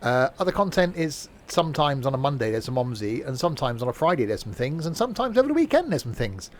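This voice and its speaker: A man's voice: mid-range voice, sing-song, fast talker, a little hiss or hum. A man streaming a train simulator, talking in casual, rambling commentary full of fillers and self-mocking asides, from a home setup.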